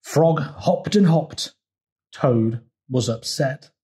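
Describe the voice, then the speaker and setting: A man's voice: medium pitch, very slow. Man reading a picture book to children. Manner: gentle, pointing things out to children. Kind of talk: children's storytime read-aloud.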